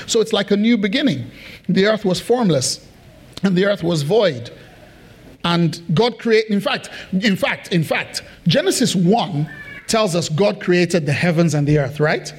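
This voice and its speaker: High-voiced preacher man, emphatic. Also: lively intonation, normal speed, husky. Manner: emphatic and repetitive, asks the congregation questions. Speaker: pastor. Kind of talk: sermon.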